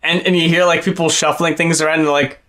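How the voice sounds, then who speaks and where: A man talks through an album in casual chat, swearing freely and often breaking into laughter. His voice sits fairly high. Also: fast talker, slight background noise. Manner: profane, animated, laughs often. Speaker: podcast co-host.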